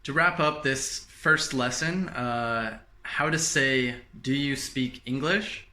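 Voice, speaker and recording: A man giving a casual language lesson, explaining French greetings and repeating each phrase slowly for learners. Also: mid-range voice, pushed and bright, roomy sound.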